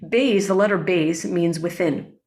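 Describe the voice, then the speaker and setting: A woman with a lowish voice speaks as an interview guest, explaining breathwork in an earnest, teaching way. She often checks in with "right?" and recites lines of Hebrew prayer. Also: unhurried, a little mellow. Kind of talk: reflective interview talk.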